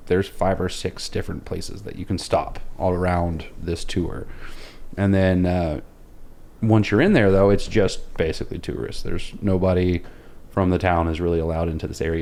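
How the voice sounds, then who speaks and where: A man's voice: low voice, mellow. A man from Oklahoma, a podcast guest, casually telling rambling, self-deprecating travel anecdotes. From Oklahoma, USA. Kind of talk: casual storytelling.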